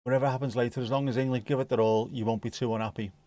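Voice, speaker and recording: A man's voice: mid-range voice, steady tone, racing, dark tone, dry recording. Laid-back sweary man. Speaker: streamer hosting a football watchalong. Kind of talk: casual live match commentary.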